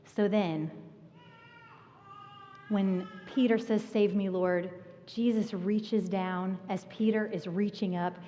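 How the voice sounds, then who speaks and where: A woman pastor preaching a sermon, telling a personal story with animated energy and laughter. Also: medium pitch, slow, long pauses, a little hiss or hum. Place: church sanctuary. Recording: long reverb of a church hall.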